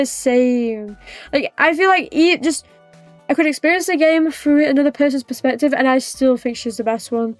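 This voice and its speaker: British girl streamer yapping at chat, high voice, dry close mic. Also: no echo. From Britain. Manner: chatty, rambling, teasing, quick to laugh. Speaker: livestreamer. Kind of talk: casual chat with live viewers.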